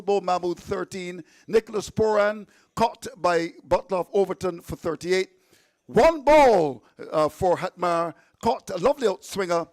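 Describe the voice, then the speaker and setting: A man's voice: high voice, darkish tone, no room sound. A man hosting live radio cricket commentary, chatty and playful, reading out the scorecard with stumbles.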